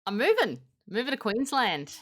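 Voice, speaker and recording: A woman, co-hosting a podcast in upbeat, animated casual chat. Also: fairly high pitch, normal speed. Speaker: podcast co-host.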